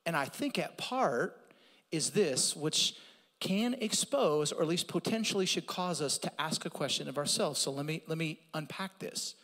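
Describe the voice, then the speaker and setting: A male pastor delivers a sermon in an animated, conversational way, dropping in asides. His voice sits high for a man. A long church-hall reverb trails every phrase. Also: moderate pace.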